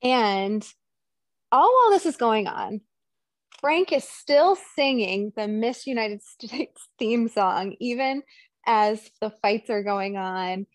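A woman's voice: on the high side, slow pace, no room sound, clean studio sound. A woman co-hosting a podcast, casually recapping a film and acting out the characters' lines. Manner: animated retelling with quoted voices. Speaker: podcast co-host. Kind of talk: casual movie recap chat.

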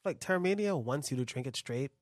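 A co-host in a casual tasting chat, enthusiastic and quick to laugh. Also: medium pitch, no room sound, clean studio sound. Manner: animated, giggly, enthusiastic. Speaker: co-host reviewing tequila.

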